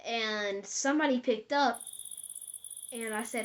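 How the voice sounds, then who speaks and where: Casual female storyteller for spooky tales, chatty and rambling, slightly high. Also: moderate pace. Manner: rambling, conversational, addresses viewers directly. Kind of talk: casual spoken horror storytelling.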